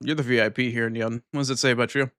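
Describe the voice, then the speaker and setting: A man's voice: mid-range voice, little pitch movement, fairly bright tone, no room sound. Male streamer, chatty and profane, dry booth-like audio. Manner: loose, swearing, ends lines with a cat-like "nyan" tic; talks while eating, mumbled and unhurried. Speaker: live streamer. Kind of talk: casual chat with viewers.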